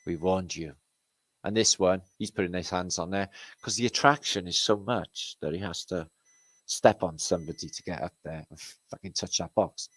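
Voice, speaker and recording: Low-voiced, sarcastic British host. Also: male voice, normal speed, no room sound, low-quality recording. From Britain. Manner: sarcastic, profane, rambling. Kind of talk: casual commentary over pictures.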